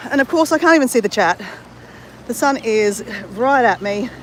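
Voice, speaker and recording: An Australian woman walks along a beach at sunrise, greeting her live-stream viewers and chatting casually as she goes. Her voice is a little high, with lively intonation at a moderate pace, and faint outdoor noise sits in the background.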